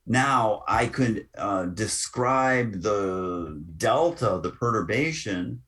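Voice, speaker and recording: Slow, low-voiced man teaching software. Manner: unhurried, talks through each click with asides. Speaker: instructor. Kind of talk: screen-recorded software tutorial.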